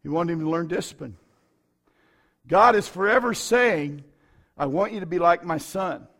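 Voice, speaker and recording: A man's voice: high voice, moderate pace, fairly bright tone. A middle-aged man, a pastor, preaching a sermon with folksy stories and bursts of fervor.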